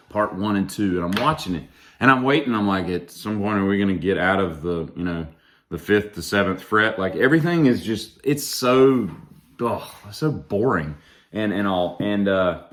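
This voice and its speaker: A man's voice: lowish voice, fairly bright tone. A man in a casual, sarcastic rant about music, mocking and drawling through his asides. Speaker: vlogger ranting about music.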